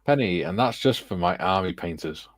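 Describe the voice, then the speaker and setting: A man's voice: sits low, lively intonation, normal speed, slight background noise. A man hosting a casual livestream, reading viewers' chat messages aloud and chatting with his panel. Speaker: livestream host.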